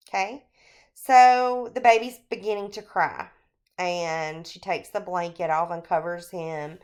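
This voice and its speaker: A woman teacher recording a screencast lecture on a short story, talking through it in an unhurried, explanatory way with frequent fillers. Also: mid-range voice, steady tone, darkish tone, clear, resonant tone.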